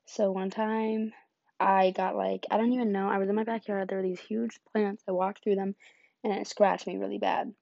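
A woman's voice: mid-range voice, flat delivery, moderate pace, creaky, warm tone, dry recording, dull audio. A young woman vlogging, telling rambling stories in a casual, giggly way with lots of fillers. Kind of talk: casual storytelling chat.

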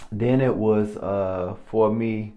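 A man's voice: fairly low pitch, fairly even intonation, takes it slowly, noisy background. A man giving a casual testimony monologue into his own recording mic, effusive and exclamatory, repeating himself often. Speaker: podcast host.

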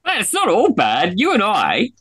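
Upbeat Australian podcast host, dry sound. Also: male voice, high-pitched, huge pitch swings, normal speed, bright, forceful tone, slightly rough, no echo. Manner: enthusiastic, matey banter. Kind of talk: casual chat.

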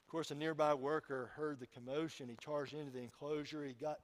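A man's voice: on the high side, steady tone, fairly quick. A man preaching a sermon to his congregation, telling a story and putting questions to his listeners. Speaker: pastor.

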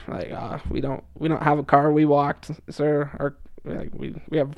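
A man's voice: fairly high pitch, fairly even intonation, moderate pace, creaky, hardly any pauses, no echo. A young man casually telling a story as a podcast guest, chatty with lots of fillers and frequent laughs. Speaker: podcast guest, returned missionary.

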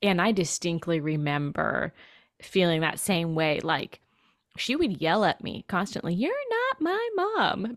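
Lively low-voiced woman podcast host. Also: no room sound, studio quality. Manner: warm, affirming listener, emotional. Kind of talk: casual interview.

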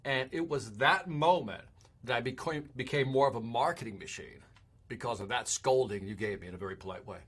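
A man hosting a casual interview, telling an animated story and acting out the quotes. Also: mid-range voice, fairly quick, slightly rough. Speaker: podcast host.

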